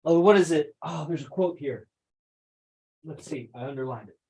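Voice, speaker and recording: A man with a slightly high-pitched voice talks through ideas in a loose, meandering monologue. He swears without a second thought and often trips over his words, then starts the sentence again. It sounds like an easygoing podcast host thinking aloud. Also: moderate pace, a little mellow, husky. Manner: rambling, swears freely, self-correcting. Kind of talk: casual philosophical monologue.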